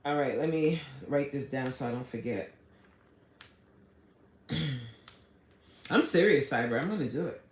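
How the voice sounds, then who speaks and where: A woman's voice: a bass voice, expressive, unhurried, long pauses. A fitness coach, chatting casually on a live stream as she reads viewer comments and answers them. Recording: echoey room.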